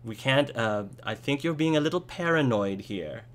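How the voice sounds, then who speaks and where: A man's voice: mid-range voice, expressive, moderate pace, voice pushed up, close to an everyday voice. A man voicing a tired, patient middle-aged farmer who humors his son and fumbles his words. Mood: flustered.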